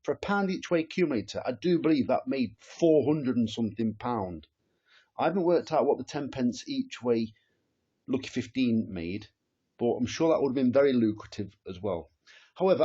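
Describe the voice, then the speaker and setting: Man, rambling casual talk, husky tone, muffled sound. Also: mid-range voice, moderate pace. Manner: chatty, excitable, rambling with restarts and exclamations. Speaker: horse racing tipster, host. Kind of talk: casual talk to camera about betting tips.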